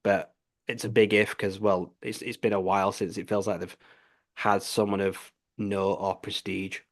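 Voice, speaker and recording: A man with a somewhat low voice talks sport on a podcast in an easy, casual way. He restarts his sentences often and leans on the same filler phrase. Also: flat delivery, normal speed. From United Kingdom. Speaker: podcast co-host.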